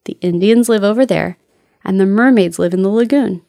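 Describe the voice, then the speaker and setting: A woman's voice: mid-range voice, fairly quick, vocal fry, dark tone, no echo, clean studio sound, natural voice. A woman reading a storybook, voicing a bold and cheeky young boy who leads his friends, in a raised, eager voice. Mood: boastful.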